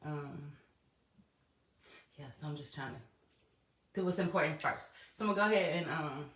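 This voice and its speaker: A woman's voice: sits low, normal speed, fairly bright tone. A woman hosting her own podcast alone, chatting casually and laughing often, swearing freely and talking straight to her listeners. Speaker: podcast host. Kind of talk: casual solo podcast monologue. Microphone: laptop or voice memo recording. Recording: echoey room.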